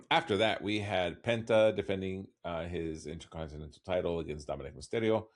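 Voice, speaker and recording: A man in casual podcast conversation, rambling along with a wry laugh here and there. His voice sits a little low for a man. The delivery is loose and conversational. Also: normal speed. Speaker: podcast co-host. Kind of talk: casual recap chat.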